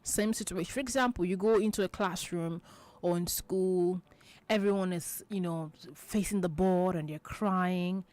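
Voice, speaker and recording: A woman's voice: on the low side, normal speed. A woman hosting a children's radio show, patiently explaining idioms, repeating each point and checking that listeners understand. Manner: acts out example quotes in lively voices.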